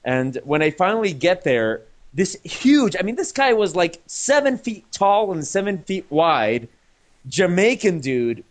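A man's voice: sits high, very animated, unhurried. A man with a slightly raised voice tells a story in loose, rambling chat. He fills gaps with "uh" and restarts his sentences, chuckling now and then. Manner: chuckles while talking. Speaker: comic artist telling a travel story. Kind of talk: casual podcast chat.

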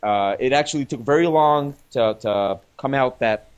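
A man's voice: medium pitch, moderate pace, clean tone. A man telling a long travel anecdote in casual chat, rambling with fillers and restarts and chuckling as he goes. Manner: chuckles while talking. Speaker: comic artist telling a travel story.

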